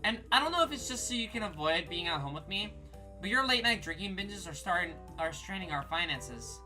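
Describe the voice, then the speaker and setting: A woman voicing a cold, haughty middle-aged wealthy wife who speaks in cutting, measured tones. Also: on the low side, expressive, over music, natural voice.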